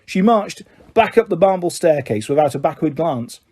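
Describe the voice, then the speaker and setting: A man reading a novel aloud as an audiobook narrator, in steady, measured storytelling. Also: fairly high pitch. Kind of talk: scripted narration.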